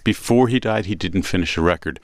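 A Brooklyn-accented man with a very low voice hosts a radio music chat. He tells stories in a relaxed, rambling manner with lots of pauses. His voice sits close and dry in a radio studio. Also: dry recording. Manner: relaxed storytelling with frequent "uh" pauses. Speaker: radio host.

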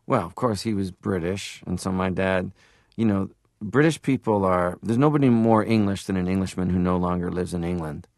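A man from Canada, an interview guest, telling animated stories and slipping into impressions. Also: sits low, normal speed, no room sound, studio quality. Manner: animated storyteller who drops into impressions. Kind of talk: interview talk.

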